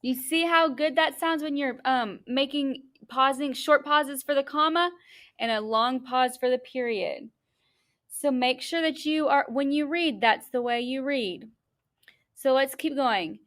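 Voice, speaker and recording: A young adult woman teaches a class, explaining things step by step and reading a story aloud slowly, deliberately and encouragingly. Her voice sits high and has a fairly bright tone.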